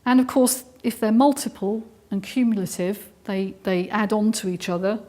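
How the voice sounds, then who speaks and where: Giving a live talk on trauma, this middle-aged English speaker sounds mellow and medium-pitched at a moderate pace. She is earnest and explanatory, though her delivery is dotted with ums and restarted sentences.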